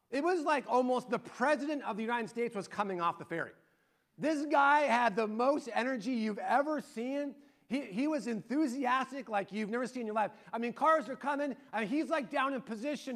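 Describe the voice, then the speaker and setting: High-voiced preacher man telling a story. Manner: animated storytelling, swelling with excitement. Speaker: pastor. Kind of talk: sermon.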